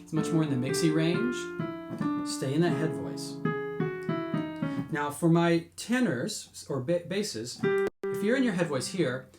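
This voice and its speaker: A man teaching singing warm-ups, explaining patiently between sung demonstrations. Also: animated, measured pace, long pauses, echoey room, over loud music. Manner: explains patiently, breaks into high sung demos. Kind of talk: vocal lesson with sung demonstrations.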